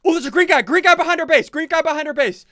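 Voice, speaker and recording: A man in his twenties hosting gameplay commentary with friends, excitable and repeating quick callouts. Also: extremely high pitch, a little hiss or hum. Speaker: gaming channel host.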